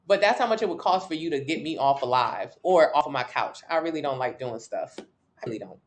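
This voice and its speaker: A woman's voice: sits low, lively intonation, fairly quick, a little hiss or hum. A woman from Miami hosting a casual livestream from her couch, talking bluntly and profanely while answering viewer comments. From Miami, Florida. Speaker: livestream host.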